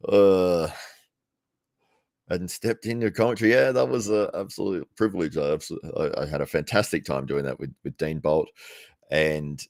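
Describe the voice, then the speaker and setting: A man casually commentating on a live stream from his computer, chatty and quick to laugh as he rambles between tasks. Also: low-pitched, steady tone, vocal fry, a little mellow, dry recording, studio quality.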